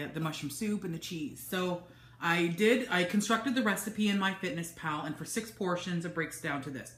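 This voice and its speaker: A woman's voice: fairly low pitch, fairly bright tone, slight background noise. A woman chatting casually in a food vlog from her home office, talking in a loose, chatty way with many ums and restarts. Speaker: vlogger. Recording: echoey room.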